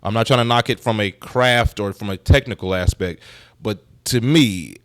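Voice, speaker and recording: A man's voice: fairly low pitch, moderate pace, fairly bright tone, dry recording. Joking, profane man with a dry sound. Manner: joking, profane, rambling asides. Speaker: commentary channel host. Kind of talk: casual commentary.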